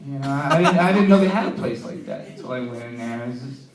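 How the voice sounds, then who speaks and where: Rambling, profane stand-up comic in a roomy club. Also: male voice, medium pitch, animated, quick pace, crowd noise. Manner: rambling, profane, heavy with "you know". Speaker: stand-up comedian. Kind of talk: open mic stand-up. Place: comedy club stage. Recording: roomy club sound from a distant mic.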